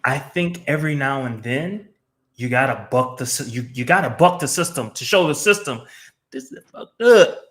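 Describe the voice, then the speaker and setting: A man's voice: medium pitch, animated, normal speed, fairly bright tone. A man co-hosting a podcast in casual chat, enthusiastic, laughing often and swearing freely. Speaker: podcast co-host.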